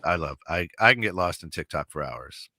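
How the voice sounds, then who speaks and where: A man's voice: low-pitched, lively intonation, a little fast, crowd noise. A man co-hosting an internet radio talk show, chatting casually and telling rambling stories full of restarts and acted-out quotes. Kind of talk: casual chat.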